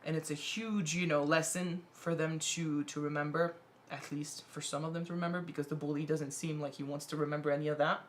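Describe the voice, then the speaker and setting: A woman with a somewhat low voice chats casually in English, which is not her first language. She talks earnestly and rambles, often restarting and filling gaps with "you know." Her voice is starting to give out. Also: level tone, a little fast, slight background noise. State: losing her voice. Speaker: reaction video co-host. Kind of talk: casual chat.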